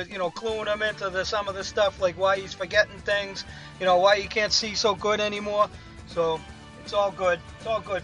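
A man's voice: high-pitched, bright, forceful tone, poor audio. A man in his fifties with a Boston accent, calling in to a radio show and chatting in a rambling, friendly way. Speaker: radio caller. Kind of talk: casual call-in chat.

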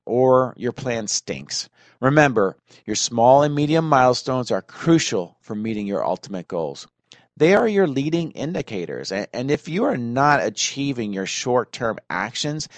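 Man, leadership coach, earnest direct advice, mid pitch, dry close sound. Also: no room sound. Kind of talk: advice segment.

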